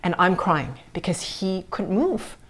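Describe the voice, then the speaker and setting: A middle-aged woman hosting a spiritual podcast, earnestly recounting a personal experience and dropping to soft whispers at tender moments. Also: lowish voice, very animated, unhurried, slight background noise. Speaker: podcast host.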